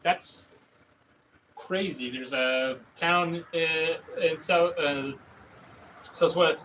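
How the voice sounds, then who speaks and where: A man's voice: a little high, slow, a bit bright. A man streaming himself at a pottery wheel, chatting with viewers in a rambling, hesitant way full of fillers and restarts. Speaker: pottery livestreamer. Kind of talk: casual chat with live chat while throwing pottery. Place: pottery studio with a wheel running. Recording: distant mic with faint room noise.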